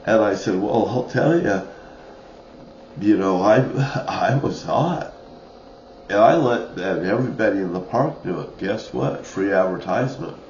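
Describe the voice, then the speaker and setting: A man's voice: on the low side, animated, measured pace, a little mellow, slight background noise. A man in an angry, rambling monologue, swearing often and laughing now and then. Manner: profane, ranting, with short laughs. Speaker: vlogger. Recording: dull, roomy lo-fi recording.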